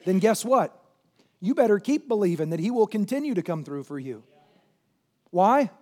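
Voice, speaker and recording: A male pastor preaching a sermon. He fires rhetorical questions at the congregation and swings from loud shouting to quieter intensity. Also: high voice.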